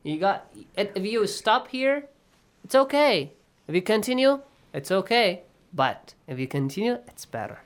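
Patient male tajweed teacher, smooth voice. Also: sits high, sing-song, measured pace. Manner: patient, quizzing students by name; switches into Arabic recitation. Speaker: Quran recitation teacher. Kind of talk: online tajweed lesson.

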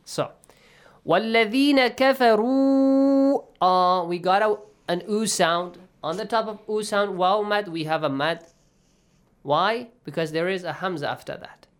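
This Quran recitation teacher has a high, slightly bright voice with a clear, resonant tone and a moderate pace. In an online tajweed class, he patiently calls on students by name to quiz them and switches into Arabic recitation.

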